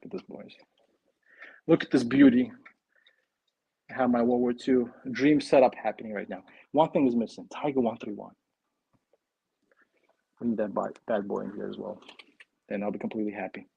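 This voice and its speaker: A man chats casually to his live-stream viewers while building, thinking aloud and getting excited as he goes. His voice is gravelly and a bit husky, at a middling pitch. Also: moderate pace, pauses often, lo-fi sound. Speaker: live-stream host building a toy kit.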